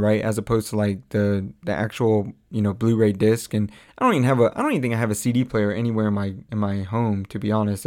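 A young man casually chatting to his audience, rambling with many fillers, frequent laughs and animated quoted lines. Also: medium pitch. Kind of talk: casual chat.

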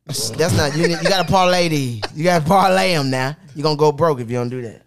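A man's voice: a little high, brisk. A man hosting a sports betting picks segment in casual podcast banter, hyped and boastful, laughing often.

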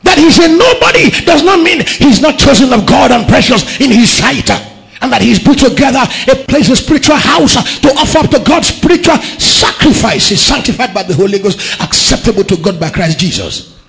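A man preaching a sermon as pastor, emphatic, with phrases shouted and sung out. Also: very high-pitched, very animated, normal speed, creaky. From Nigeria.

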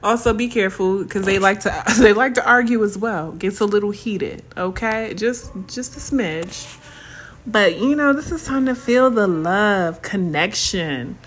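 A young adult woman hosting a casual solo podcast, chatty and animated, laughing often and calling her listeners baby and y'all. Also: mid-range voice, a little slow. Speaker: podcast host.

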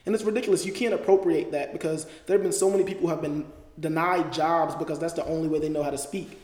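A young man with a fairly high, mellow voice talks earnestly as a podcast guest, filling his sentences with "uh" and "like." He is recorded in a roomy space with a long reverb tail. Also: steady tone, quick pace. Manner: earnest, explanatory, with frequent fillers. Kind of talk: casual discussion.

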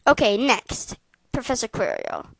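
A woman's voice: a little high, huge pitch swings, measured pace, gravelly, low-quality recording. A woman co-hosting a casual podcast, chatty and full of hesitant fillers. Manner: chatty, hesitant fillers, rating things aloud. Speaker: podcast co-host.

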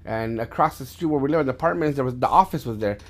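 Speaking fast at a medium pitch, a man co-hosts a podcast with his son and tells stories loosely, restarting often and swearing a lot. When the tale reaches the fights, he turns loud and animated.

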